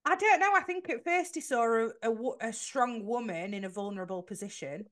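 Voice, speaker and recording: A woman's voice: fairly high pitch, animated, brisk, fairly bright tone. A woman co-hosting a podcast, chatting casually and giving firm opinions. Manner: opinionated, emphatic. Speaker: podcast co-host. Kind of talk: casual chat.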